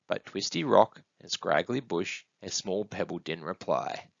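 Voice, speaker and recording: A man reading a picture book aloud in an expressive, sing-song storytelling manner. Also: low-pitched, a little slow, creaky, hardly any pauses, dry recording. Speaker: storybook reader. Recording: dull, dry close recording.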